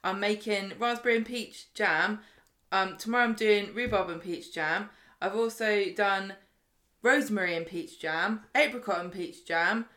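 A woman co-hosting a podcast, chatting in a bubbly, lively way. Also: medium pitch, moderate pace. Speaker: podcast co-host. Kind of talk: casual chat. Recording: roomy room sound.

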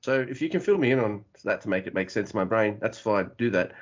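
A man co-hosting a podcast, recapping wrestling matches in lively, casual talk with swearing and laughs. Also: fairly low pitch, quick pace. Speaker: podcast co-host. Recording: dull lo-fi audio.

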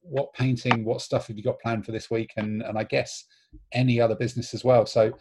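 A man's voice: mid-range voice, little pitch movement, fairly quick, a little mellow, slightly rough. A man from England hosting a casual chat with friends, rambling and teasing between topics. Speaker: podcast host. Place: home, remote call.

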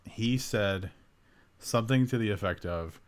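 A man's voice: on the low side, a little slow. A man co-hosting a podcast, chatting casually and hunting for his words. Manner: laughing, rambling and searching for words. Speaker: podcast co-host. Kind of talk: casual chat.

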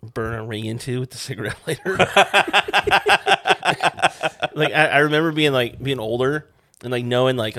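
A young man chatting on a podcast, telling a story in a loose way with lots of "like" and casual swearing. His pitch is ordinary, and he speaks at an easy conversational pace. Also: normal speed, pauses often, fairly bright tone. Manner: rambling storyteller, many "like" fillers, swears. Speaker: podcast co-host. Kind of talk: casual chat.

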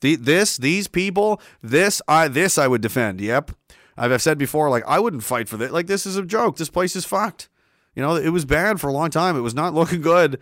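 A man's voice: fairly high pitch, animated, moderate pace, a bit bright, no room sound. Guy on a stream going off, swears a lot, keeps repeating himself, dry close sound. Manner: heated, profane, repetitive. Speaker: livestream host. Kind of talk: ranting livestream commentary.

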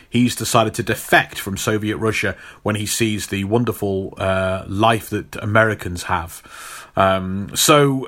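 A man's voice: lowish voice, pushed and bright. A man hosting a casual chat, retelling a comic book story in a rambling way with many fillers.

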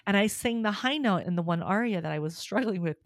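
Animated woman telling stories with laughter. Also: medium pitch, fast talker, no echo, clean studio sound. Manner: animated storyteller, laughs often. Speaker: guest, opera soprano and voice teacher. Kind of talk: casual conversation.

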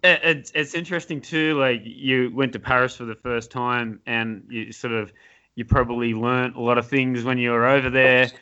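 A man's voice: mid-range voice, flat delivery, moderate pace, pushed and bright, clear, resonant tone, highs cut off. A man hosting a podcast, chatty and agreeable, interviewing his guest. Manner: chatty, agreeable, lots of "yes". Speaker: podcast host. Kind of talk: casual interview chat.

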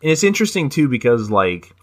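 A man's voice: mid-range voice, very animated, fast talker. A man co-hosting a podcast, chatting casually about movies, swearing and laughing often as he rambles. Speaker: podcast co-host.

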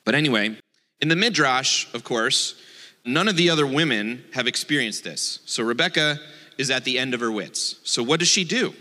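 A man's voice: medium pitch, lively intonation, moderate pace, sharp tone, long reverb tail. A man, a rabbi, giving a playful, joking sermon and acting out the voices in his quotes.

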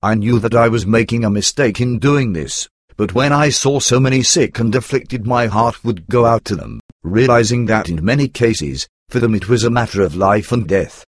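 A man reading a religious testimony aloud in a steady, earnest way. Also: mid-range voice, moderate pace, few pauses, dry recording, studio quality. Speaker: reader. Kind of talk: scripted narration of a religious testimony.

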